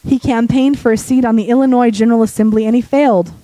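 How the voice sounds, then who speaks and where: Sick woman preaching in a mellow voice. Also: on the high side, steady tone, fast talker, dry recording, poor audio. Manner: conversational, joking asides to the congregation. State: sick, voice deepening. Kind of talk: sermon. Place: church.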